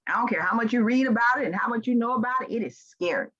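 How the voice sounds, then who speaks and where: On a dull, lo-fi recording, an older woman from Memphis, Tennessee speaks with a Southern American accent, delivering a sincere, folksy motivational keynote. She talks fast in a slightly high, fairly bright voice.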